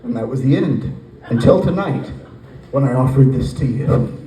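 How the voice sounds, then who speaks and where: A man in his forties doing a stand-up comedy set, telling a rambling story with animated acted voices. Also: mid-range voice, normal speed, noisy background. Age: 40s. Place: brewery stage with live audience. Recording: roomy echo, from a distance.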